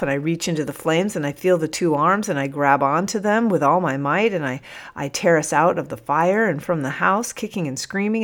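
A woman narrating a first-person audiobook in a measured, emotional storytelling manner. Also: fairly low pitch.

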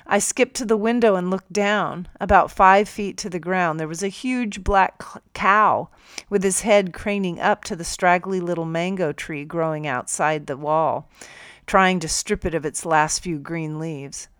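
Woman calmly narrating an audiobook. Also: lowish voice, smooth, no echo, clean studio sound. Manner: calm, measured storytelling. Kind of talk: first-person audiobook narration.

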